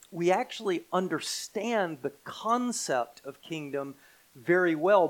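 A middle-aged American man preaching a sermon, emphatic, slowing and swelling on key phrases. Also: fairly high pitch, rough recording. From United States. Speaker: pastor.

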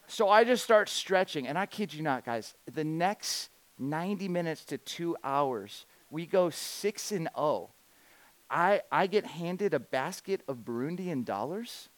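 A man preaching with a voice pitched a bit above most men's. He tells a funny story with lively energy, often stumbling and restarting his sentences. The sound is dry and close, with no room echo. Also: unhurried. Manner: animated, humorous, with many restarts. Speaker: speaker at a church gathering. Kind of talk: storytelling sermon.

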